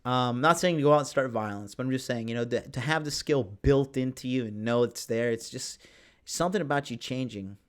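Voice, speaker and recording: A man hosting a live podcast, talking in a brash, profane and excitable way as he reads chat comments. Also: medium pitch, brisk. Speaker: podcast host. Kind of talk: casual live-stream talk.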